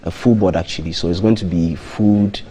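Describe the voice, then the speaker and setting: Deep-voiced man, measured talk. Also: fairly even intonation, warm tone, soft background music. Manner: measured, plain promotional talk with frequent ums and restarts. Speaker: hotel marketing manager, studio guest. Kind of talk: live TV breakfast show interview. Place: TV studio.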